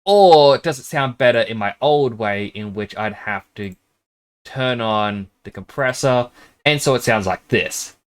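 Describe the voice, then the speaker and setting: A man's voice: mid-range voice, a little slow. Male streamer, casual rambling chat, self-conscious, drops to a whisper now and then, home mic. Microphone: streaming microphone.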